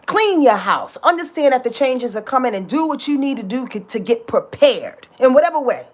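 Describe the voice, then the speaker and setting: A woman gives a casual astrology talk in a high, very animated voice at a normal speed. She is passionate and dramatic, repeating herself for emphasis and peppering her speech with slang and swearing.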